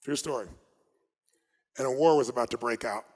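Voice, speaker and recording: An American man telling stories at a motivational seminar, emphatic and dramatic, swinging between loud and hushed delivery. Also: medium pitch, very fast. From United States. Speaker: motivational speaker. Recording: long reverb of a large hall.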